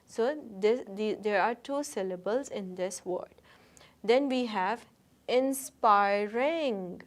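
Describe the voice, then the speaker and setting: Woman teacher, patient recorded lesson, says words slow and twice for the kids, middle pitch. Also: darkish tone. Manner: patient, repeats words slowly for learners.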